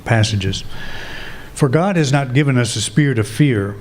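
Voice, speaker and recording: Calm reflective male preacher. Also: mid-range voice, moderate pace, a little hiss or hum. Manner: calm, reflective, thinking aloud with restarts. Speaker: minister. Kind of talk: sermon.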